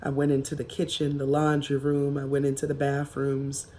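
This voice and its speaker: A woman vlogger telling a personal story in a casual, emphatic and reflective way, with drawn-out pauses. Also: rumbling low, completely flat delivery, warm tone.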